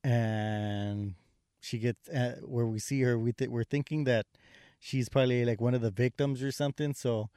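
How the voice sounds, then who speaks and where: A man's voice: mid-range voice, steady tone, moderate pace, dark tone, smooth, no echo. Guy rambling thru a movie recap, lots of uh and like, dry close mic. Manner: rambling, many fillers and restarts. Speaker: podcast co-host reviewing a horror film. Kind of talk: casual film review chat.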